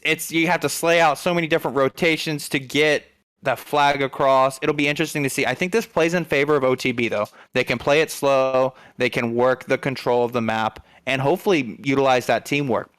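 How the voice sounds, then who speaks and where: A man's voice: mid-range voice, fairly bright tone, clear, resonant tone, no echo. Man casting an esports match, dry sound. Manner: quick, analytical, thinks aloud with restarts. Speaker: esports caster. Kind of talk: play-by-play commentary.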